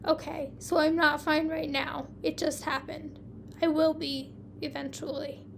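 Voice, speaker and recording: Worn-out lady detective, quiet and guarded, woman reading in a high gravelly voice. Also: flat delivery, measured pace, slight background noise. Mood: weary. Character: tired, guarded female police detective.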